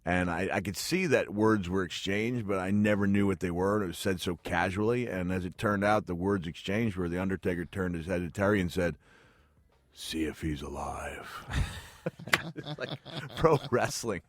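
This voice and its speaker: A middle-aged retired pro wrestler, guesting on a radio interview, tells wrestling stories in a low, steady voice, a little fast and with hardly any pauses. He's chatty, self-deprecating and laughs often. He's on a studio mic in a radio studio, with no room sound.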